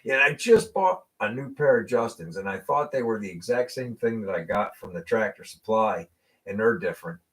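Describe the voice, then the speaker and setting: A middle-aged man from Western Pennsylvania hosts a casual live car show. His voice sits a bit low, and he chats easily, laughs a lot and restarts his sentences. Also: moderate pace. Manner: relaxed, laughs often, repeats words when starting. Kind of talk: casual chat.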